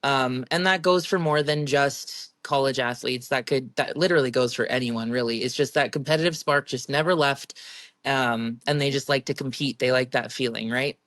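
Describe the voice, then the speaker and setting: Young woman guest chatting away, giggly and animated, dry close sound. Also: a bass voice, normal speed, no echo. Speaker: professional strongwoman guest. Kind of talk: casual interview storytelling.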